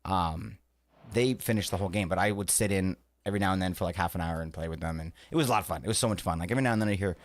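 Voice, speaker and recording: A man in his thirties chatting casually on a live stream, laughing often and swearing in excited outbursts. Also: low voice, racing. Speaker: livestreamer.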